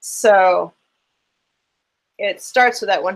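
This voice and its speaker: A relaxed fiddle teacher talks through a lesson into a computer microphone. They count beats and hum rhythms while working things out aloud, at an ordinary middle pitch. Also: slow, poor audio. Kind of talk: casual online lesson.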